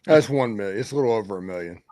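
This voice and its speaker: Lively man tossing in quick quips. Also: fairly low pitch. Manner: short quips and agreeing. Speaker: podcast co-host. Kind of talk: casual sports chat.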